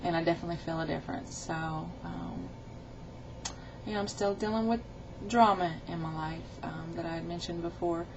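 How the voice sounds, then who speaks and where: A woman's voice: fairly low pitch, moderate pace, vocal fry, noisy background. Chatty woman vlogger, lo-fi webcam sound. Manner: rambling, chatty storytelling with quoted dialogue. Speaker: weight-loss vlogger. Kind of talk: casual video diary.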